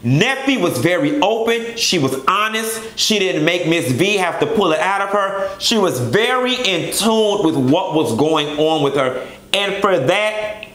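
A flamboyant man with a high voice gives a sassy, profane reality TV review. His talk is full of attitude and dishy asides. The room around him rings with echo. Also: animated, measured pace, fairly bright tone. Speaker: vlogger. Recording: echoey room.

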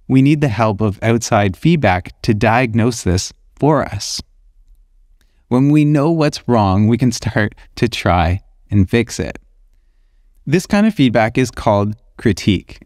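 A man's voice: medium pitch, darkish tone, dry recording, studio quality. A man, an illustrator hosting his own podcast, talking through his ideas in a thoughtful, conversational way. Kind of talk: reflective solo podcast talk.

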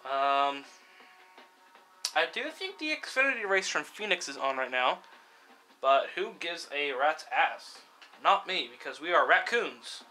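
A young man giving casual, excitable let's-play commentary while racing, swearing freely and cheering the cars on. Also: fairly high pitch, measured pace. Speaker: gameplay commentator. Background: game music and car engine sounds.

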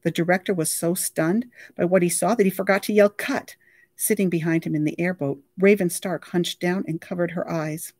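A library reader reading a novel aloud with lively, expressive storytelling. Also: mid-range voice, a little fast, few pauses, no room sound, clean studio sound.

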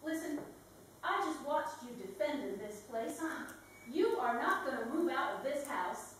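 An actress playing a spirited young Southern heiress in a live stage comedy, speaking with indignant emphasis. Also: female voice, sits high, animated, unhurried, slight background noise. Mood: tender. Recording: echoey theater stage from far off.

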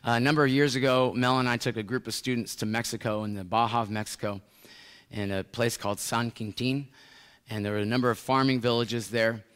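A middle-aged American pastor preaching a sermon, telling a story with swings from hushed to loud. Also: male voice, mid-range voice, steady tone, a little fast, clean tone. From United States. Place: large church sanctuary. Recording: long church hall reverb.

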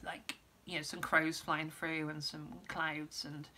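Woman, casual vlogger, losing her voice, lowish pitch, rambly. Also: flat delivery, slow, sharp tone. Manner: rambling, lots of ums and restarts. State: losing her voice, clearing throat. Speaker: musician giving an update. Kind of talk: casual vlog update.

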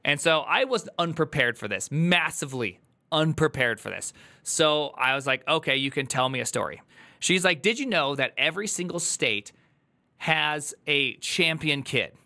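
A man's voice: on the high side, lively intonation, normal speed, bright, forceful tone. A male streamer telling an emotional, earnest story to his chat, holding back tears. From United States. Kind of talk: casual livestream chat.

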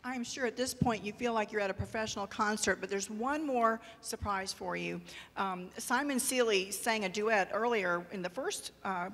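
A woman's voice: mid-range voice, normal speed, fairly bright tone. A woman music teacher announcing the next performer at a student recital, chatty with fillers. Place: recital hall. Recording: hall reverb.

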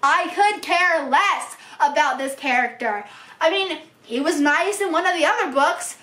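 High bright young woman rambling about books, lots of likes and ums, echoey room. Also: measured pace. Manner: gushing and chatty, with lots of fillers. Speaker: book vlogger. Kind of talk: casual chat.

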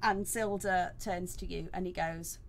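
A woman, narrating a tabletop game as dungeon master, talking in halting bursts with many fillers and restarts on a headset mic. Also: lowish voice, fairly even intonation, slight background noise, rough recording.

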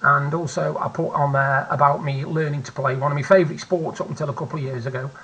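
A British man in his forties talks candidly from his seat at home, circling back on his phrases to hammer a point. His voice is a touch husky, bright and forward in tone, and sits a little higher than most men's. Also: fairly even intonation, fast talker, poor audio. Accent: British English. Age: 40s. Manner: chatty, candid, repeats phrases for emphasis. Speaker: vlogger. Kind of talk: personal storytelling vlog. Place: at home, seated.

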